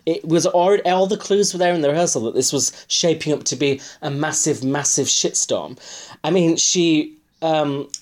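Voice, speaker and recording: A man's voice: fairly high pitch, moderate pace. Wry man telling stories. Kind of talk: casual chat, storytelling.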